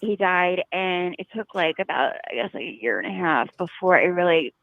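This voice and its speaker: A woman's voice: on the low side, animated, moderate pace, gravelly, no echo. Lady caller on a phone line, slight lisp from mouth surgery, tinny dry sound, laughs a lot. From New Jersey. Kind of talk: call-in talk show.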